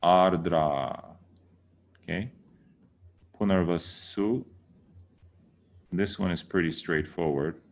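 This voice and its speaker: A man's voice: low voice, slow pace, long pauses. A man giving a casual lesson, patiently repeating words to correct how people say them. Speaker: teacher.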